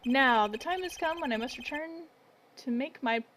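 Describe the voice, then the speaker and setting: A woman's voice: high-pitched, normal speed, fairly bright tone, slight background noise. A woman reading the lines of a formal, dramatic older male magician in a video game. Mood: grand.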